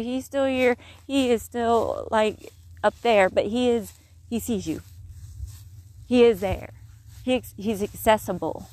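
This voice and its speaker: A woman giving casual spiritual encouragement while walking outdoors in the countryside, earnest and rambling, with soft whispered asides. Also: a little high, rough recording. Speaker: faith vlogger.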